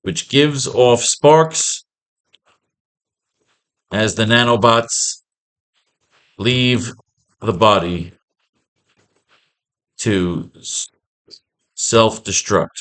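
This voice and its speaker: A man's voice: on the low side, very slow, long pauses, a bit bright. A man teaching a comic-writing class, recapping an old story in a rambling, sarcastic and profane way.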